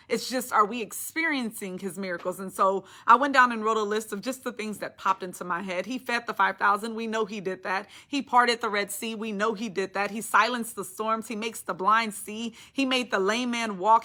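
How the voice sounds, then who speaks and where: A woman's voice: fairly high pitch, sharp tone. A woman giving a devotional Bible teaching, reading scripture aloud and preaching on it with rising passion. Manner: impassioned, rising to emphatic declarations.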